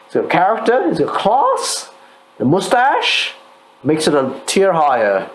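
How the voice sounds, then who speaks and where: A drunk man co-hosting a casual chat, tipsy and loud, swearing freely. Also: high-pitched, huge pitch swings, unhurried, a little hiss or hum, low-quality recording. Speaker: co-host reviewing painted miniatures.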